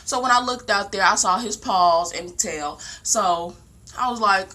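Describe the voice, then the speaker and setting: A young woman casually telling a long story at home, rambling and animated, with lots of "like". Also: medium pitch, unhurried. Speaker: vlogger. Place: home, indoors.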